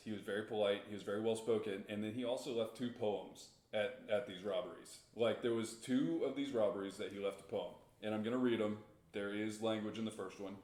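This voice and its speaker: A man's voice: on the low side, a little mellow, roomy sound. A man co-hosting a podcast, casually retelling a story with rambling restarts and chuckles. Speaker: podcast co-host.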